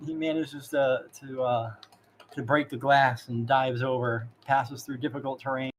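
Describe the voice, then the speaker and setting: A man's voice: medium pitch, fairly even intonation, a little slow. A man narrating a tabletop game as dungeon master, rambling with laughing asides.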